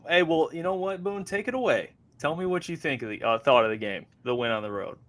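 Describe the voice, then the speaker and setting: A young man hosting a sports talk show, steering the conversation in a measured way. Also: on the high side, fairly bright tone. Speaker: host.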